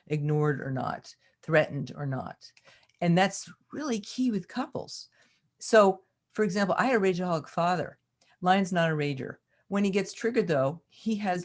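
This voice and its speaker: A woman teaching about love and relationships on a community call, talking expressively, acting out quoted lines and laughing often. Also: low voice.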